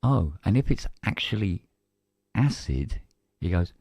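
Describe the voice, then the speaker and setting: A man's voice: sits low, very animated, unhurried, darkish tone, husky, no echo. A man with a British accent, co-hosting a casual live-stream chat and telling a story by acting out both sides of a conversation. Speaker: co-host.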